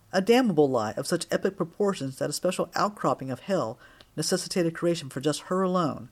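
A man narrating an audiobook with a wry, expressive storytelling manner. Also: on the high side.

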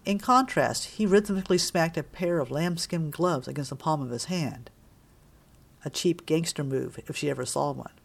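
A woman's voice: low voice, moderate pace, gravelly. Woman narrating an audiobook. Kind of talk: scripted narration.

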